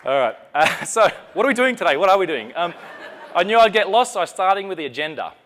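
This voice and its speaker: A man's voice: high voice, very animated, quick pace, a crowd in the background, background noise. A man from Australia with an Australian accent, giving a chatty, joking, self-deprecating live conference talk on stage. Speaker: conference presenter. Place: conference session room.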